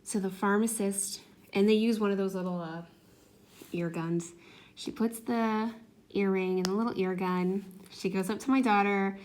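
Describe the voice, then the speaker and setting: A woman in her thirties chats through a long personal story while she works on a craft at home. Her voice sits at a middle pitch, and she slips into the voices of the people she quotes. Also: moderate pace, slight background noise. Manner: chatty, animated retelling with voiced quotes. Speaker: craft vlogger.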